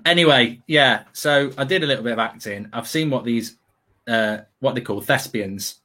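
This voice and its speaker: A man's voice: medium pitch, normal speed, sharp tone. A man, a football pundit, chatting casually with a rambling, self-mocking manner and lots of fillers. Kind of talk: casual storytelling chat.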